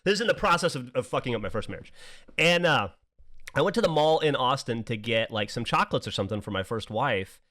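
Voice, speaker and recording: A man's voice: medium pitch, animated, fast talker, fairly bright tone. A man hosting a podcast, telling a rambling story with frequent laughs and swearing. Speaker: podcast host. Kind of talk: casual podcast chat.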